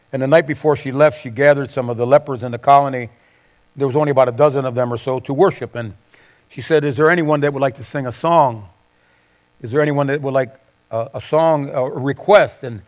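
A middle-aged man preaching a sermon, swinging from loud bursts to soft asides. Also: mid-range voice. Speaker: pastor.

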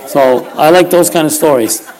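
In a church, a lay preacher in his fifties with Puerto Rican heritage delivers a sermon full of stories, folksy and self-deprecating, laughing often as he goes. His voice is on the high side and a little mellow, with a moderate pace and a faint crowd behind him.

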